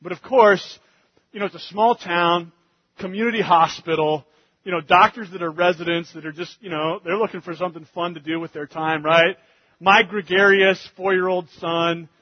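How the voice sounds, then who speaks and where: Pastor guy, kinda husky, higher voice, dull lo-fi sound. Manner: animated storyteller, grows loud and fast in funny parts. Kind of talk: sermon storytelling.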